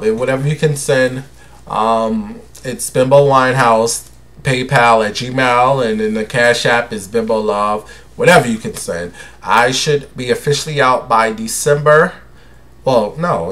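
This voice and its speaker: A man's voice: mid-range voice, fairly bright tone. A young man hosting his own show, chatting casually and dramatically, calling listeners honey and baby. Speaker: host. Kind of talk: casual solo chat.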